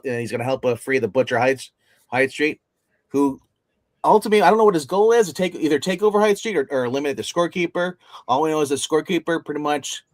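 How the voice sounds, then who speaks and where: A man on a casual comic review livestream, talking with lots of fillers and restarts and getting animated as he retells scenes. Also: a little high, no room sound. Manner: rambling, many fillers and restarts. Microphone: phone.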